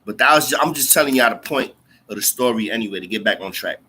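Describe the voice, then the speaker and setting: A man talks straight to his viewers in loose, profane street slang and calls them bro and twin. His voice is bright and edgy, with a middle pitch. He repeats lines to drive his point home. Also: fast, slight background noise. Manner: animated, repeats lines for emphasis. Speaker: livestream host talking to viewers. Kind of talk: casual storytelling chat.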